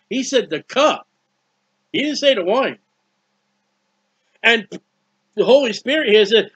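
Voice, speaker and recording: High-voiced fervent male preacher. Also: big pitch swings, a little slow, pauses often, bright, forceful tone, husky, no echo. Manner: fervent, repetitive preaching with frequent restarts. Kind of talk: sermon. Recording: dull lo-fi recording.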